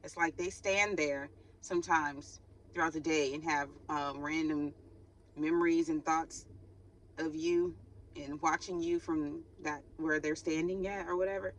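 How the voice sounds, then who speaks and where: Her voice is low-pitched, steady, and unhurried as she gives a casual spiritual reading on her faith channel. She's chatty and quick to laugh, performing the sighs in the lines she quotes, and she was recorded without her microphone.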